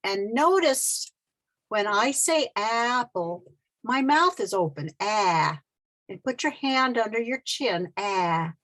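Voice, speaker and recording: A woman teaching short vowel sounds in a slow, patient way, repeating each sound for the learner. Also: fairly high pitch, animated, a bit bright. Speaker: literacy teacher. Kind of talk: slow pronunciation lesson.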